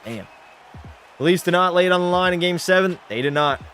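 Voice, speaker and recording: This streamer's voice is high, animated, fairly bright and clean, moving a little fast as he narrates his own hockey video game. Tipsy from a few drinks, the young man swears freely, reads and answers chat, and calls plays like a mock sportscaster in a rowdy way.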